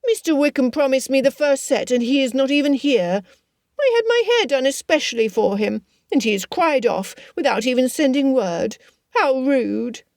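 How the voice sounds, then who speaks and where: Spoiled young miss, high and whiny, pouting in a storybook, voiced by a woman narrator. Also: lively intonation, moderate pace, a little mellow, dry recording, studio quality. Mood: petulant complaint. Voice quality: petulant, pouting.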